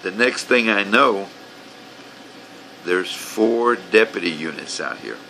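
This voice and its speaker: A man's voice: fairly low pitch, expressive, slow pace, vocal fry, pushed and bright, slight background noise, rough recording. A man telling his grievances in a rambling, profane, aggrieved way, as casual storytelling. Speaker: vlogger telling his own complaints.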